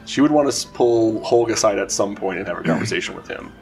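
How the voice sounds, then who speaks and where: A man's voice: lowish voice, lively intonation, fast, darkish tone, soft background music. A man playing a tabletop game, chatting and joking playfully with the table. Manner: playful, chuckling. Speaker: player. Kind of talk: casual tabletop play.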